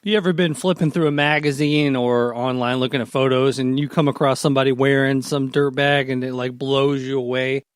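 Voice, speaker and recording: A man hosts a podcast interview in an easygoing, conversational way. His voice sits at a middle pitch. The recording is dry and close, with no echo. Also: fairly even intonation, brisk, few pauses, clean tone. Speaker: podcast host. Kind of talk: casual interview chat.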